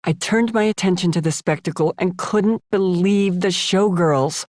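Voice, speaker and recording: A woman's voice: lowish voice, normal speed, a little mellow, no room sound, clean studio sound. A woman in her seventies from the United States, narrating her memoir audiobook in a wry, conversational way. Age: 70s. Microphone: close studio mic.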